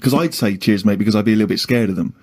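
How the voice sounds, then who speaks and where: A man co-hosting a radio chat show, telling anecdotes in an animated, exasperated way. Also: fairly low pitch, rapid-fire, a little hiss or hum.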